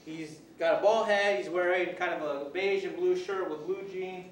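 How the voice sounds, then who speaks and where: Speaking at normal speed in a high, steady voice, a male police officer rambles through an informal college-classroom workshop, full of restarts and acted examples. The echoey room, distant mic, and slight background noise shape the recording.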